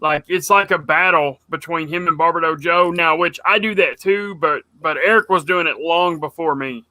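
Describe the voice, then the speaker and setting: A man co-hosting a casual podcast chat, rambling and animated as he tells stories. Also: fairly high pitch, moderate pace, no room sound. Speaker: podcast co-host.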